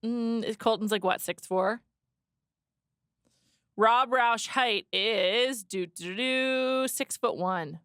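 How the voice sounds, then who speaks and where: A young adult woman co-hosting a casual podcast, giving lively opinions in a chatty way. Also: on the high side, takes it slowly, smooth, no room sound, studio quality. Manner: lively, opinionated, frequent "like" and restarts. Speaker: podcast co-host. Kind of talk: casual chat.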